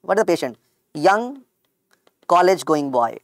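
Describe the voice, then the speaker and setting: A man with an Indian accent and a croaky voice, teaching an online medical lecture and repeating key points to his students. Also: on the high side, expressive, a little slow, no room sound, clean studio sound. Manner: repetitive, calls students "beta".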